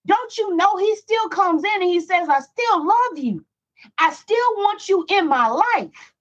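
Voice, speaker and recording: A woman's voice: very high-pitched, lively intonation, unhurried. A middle-aged woman preaching a Bible study, emphatic and repetitive, full of rhetorical questions. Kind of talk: preaching to listeners. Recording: dull lo-fi recording.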